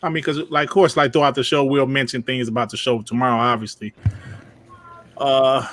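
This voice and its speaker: Hosting a live gaming podcast, a man keeps things loose and slangy, greeting the chat, reading from it, and asking his co-hosts questions. His medium-pitched voice is fairly bright and fairly even in intonation, a little fast.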